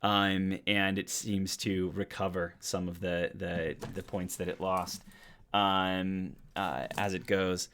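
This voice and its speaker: Man, very low voice, game master, casual narration, lots of ums. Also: little pitch movement, slow, a bit bright, slight background noise. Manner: casual, many fillers and restarts. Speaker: dungeon master.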